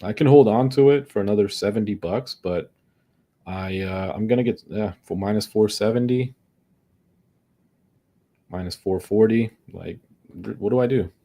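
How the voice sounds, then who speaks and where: A man's voice: lowish voice, normal speed, pauses often, mellow. A young man live-streaming his day trading, exasperated and swearing as he mutters to himself about his losses. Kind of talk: frustrated live commentary.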